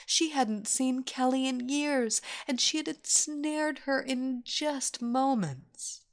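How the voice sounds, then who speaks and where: A woman narrating a scripted story in a slow, soft, drawn-out reading. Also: sits high.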